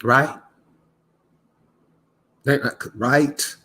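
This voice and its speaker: A man's voice: mid-range voice, fairly even intonation, extremely slow, sharp tone. A man ranting casually to his viewers, exasperated and preachy, often restarting his words. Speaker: commentator. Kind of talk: casual rant to camera.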